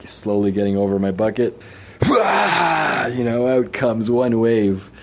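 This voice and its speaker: A man calmly telling a personal story in the first person, reflective and unhurried. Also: fairly low pitch, highs cut off.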